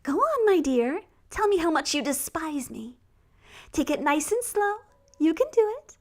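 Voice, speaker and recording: A woman voicing a vengeful, gloating witch who cackles and taunts in a high, theatrical voice. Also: sing-song, unhurried, full character voice. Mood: taunting. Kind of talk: reading a visual novel aloud.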